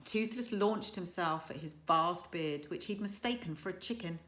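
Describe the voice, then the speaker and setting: A primary school teacher, a woman, reading a children's story aloud with lively, expressive storytelling. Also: on the low side, moderate pace, a little hiss or hum. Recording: echoey room.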